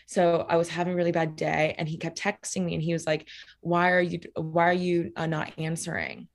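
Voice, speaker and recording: A young adult woman shares personal stories as a guest in a casual conversation. Her voice sits slightly low for a woman. She speaks candidly with many "like" fillers and frequent swearing, and she acts out what people said. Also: brisk.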